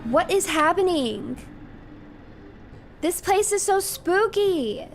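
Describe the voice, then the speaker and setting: A woman's voice: extremely high pitch, expressive, slow, slight background noise. A young woman streaming a game, chatting casually and exclaiming in flustered bursts.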